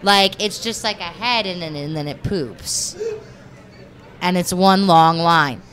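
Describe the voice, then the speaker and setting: A young woman on a casual podcast panel, talking excitedly and rambling. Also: fairly low pitch, slow.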